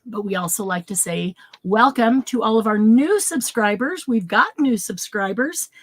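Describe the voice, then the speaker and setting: A woman hosting a craft livestream in casual chat, bubbly and quick to laugh, greeting viewers by name. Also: on the high side, animated. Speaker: craft show host.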